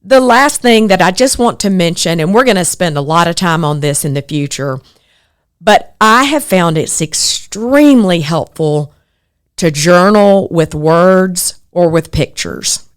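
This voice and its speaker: Slow, earnest woman. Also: fairly low pitch, clear, resonant tone. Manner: earnest, reflective, animated when quoting others. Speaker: podcast host. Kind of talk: personal podcast monologue.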